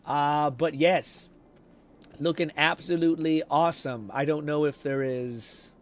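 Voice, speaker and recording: A hoarse man casually commenting on a game as he streams it, rambling, swearing freely and reading chat messages aloud. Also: fairly high pitch, fairly even intonation, unhurried.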